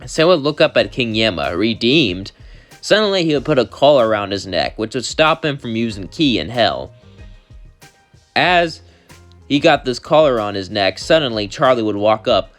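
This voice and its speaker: A man's voice: mid-range voice, big pitch swings, normal speed, fairly bright tone, faint music behind. A man narrating a fan story in a loose, rambling way.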